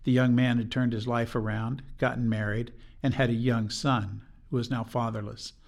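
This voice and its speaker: Older male guest, earnest measured testimony, mid-pitched voice. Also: flat delivery, gravelly. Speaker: podcast guest. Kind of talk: scripted personal testimony.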